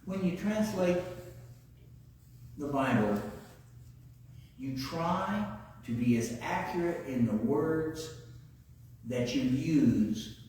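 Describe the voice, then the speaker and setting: A male preacher with a slightly high voice, talking through a sermon in a conversational way and posing rhetorical questions. The sound is distant and drowned in long church reverb. A faint hiss of room noise sits underneath. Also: lively intonation, slow pace, pauses often, darkish tone. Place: church sanctuary. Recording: echoey church hall, far-off mic.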